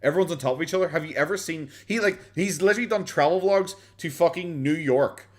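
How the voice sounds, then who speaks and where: A young Irish man reacts to videos on a live stream in a slightly high, fast voice. He's sarcastic and rambling, swears a lot, and fills the gaps with "like".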